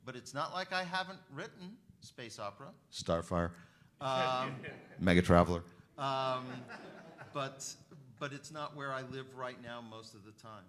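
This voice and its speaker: Thoughtful man with halting restarts. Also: medium pitch, big pitch swings, a bit bright. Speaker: panelist author. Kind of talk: conference panel talk.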